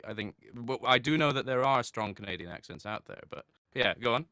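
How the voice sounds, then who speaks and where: A man's voice: mid-range voice, expressive, sharp tone, clean tone, no echo, clean studio sound. A man being interviewed in casual chat, talking thoughtfully with many restarts and light laughs. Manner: halting, thoughtful, with frequent restarts. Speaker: interview guest.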